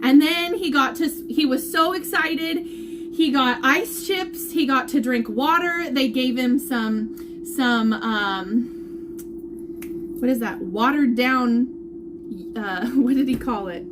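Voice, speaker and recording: A woman's voice: high voice, takes it slowly, background noise. A woman giving a casual update to her followers, emotional and laughing, now and then near tears. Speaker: vlogger updating viewers.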